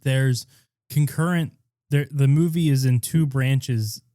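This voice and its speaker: Male co-host, dark mellow voice, dry close mic, rambling profane storyteller. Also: mid-range voice, slow, no echo. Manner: rambling, profane, animated retelling with quoted voices. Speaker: podcast co-host. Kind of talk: casual crude storytelling chat.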